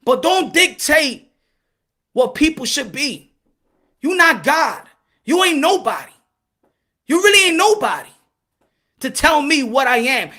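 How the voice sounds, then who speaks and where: Very high-voiced fervent man preaching. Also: big pitch swings, a little slow, pauses often. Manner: preachy, fervent, switching between English and Spanish; rises to shouting when worked up. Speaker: boxing channel host. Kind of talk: impassioned commentary to camera.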